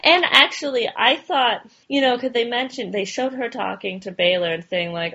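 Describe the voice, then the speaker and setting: A woman's voice: mid-range voice, normal speed, creaky, hardly any pauses, sharp tone. A woman co-hosting a podcast in casual chat, talking loosely with many fillers and frequent laughs. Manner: chatty, filler-heavy, laughs often. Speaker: podcast co-host. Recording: dull lo-fi audio.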